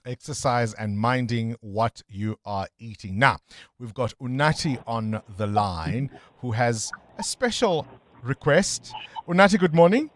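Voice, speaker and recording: A man's voice: medium pitch, lively intonation, unhurried, slight background noise. A man hosting a breakfast talk radio phone-in, chatting upbeat with callers. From South Africa. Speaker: radio talk show host.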